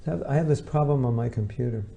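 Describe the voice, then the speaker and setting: A man's voice: medium pitch, fast talker, vocal fry, warm tone. A man giving an informal lecture to devotees as their spiritual teacher, talking conversationally and acting out the voices of people he quotes.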